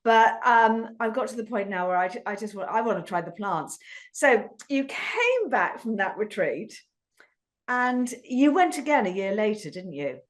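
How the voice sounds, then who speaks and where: A woman's voice: medium pitch, big pitch swings, measured pace. A woman hosting a podcast and interviewing her guest in an earnest, reflective conversational way. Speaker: podcast host and teacher.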